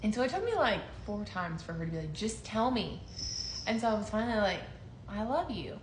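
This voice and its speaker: A woman's voice: medium pitch, brisk. A young woman in casual chat, telling a story with laughter and acted-out quotes. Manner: animated, laughing, acts out quotes. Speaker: co-host telling their story. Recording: roomy echo, faint noise.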